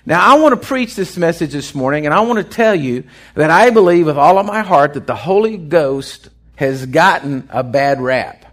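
A man's voice: on the high side, moderate pace, hardly any pauses. A man preaching an off-the-cuff sermon, acting out voices as he goes. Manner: animated, acts out voices in his storytelling. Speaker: pastor.

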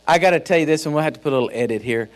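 A pastor with a Texan accent preaches to his church at a racing pace, his voice fairly high. His delivery is folksy and emphatic, built around storytelling.

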